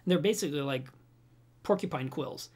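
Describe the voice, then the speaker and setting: A man hosting a home livestream about reef aquariums, chatting casually to his webcam and telling stories in an animated way. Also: on the high side, a little fast. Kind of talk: casual livestream chat, reading viewer comments.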